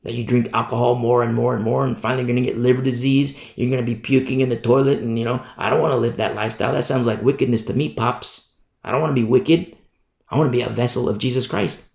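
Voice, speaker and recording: A man's voice: mid-range voice, steady tone, quick pace, gravelly, a little mellow, roomy sound, voice pushed down, close to an everyday voice. A man voicing a well-behaved, believing ten-year-old boy who rattles off his reasons in an earnest rush.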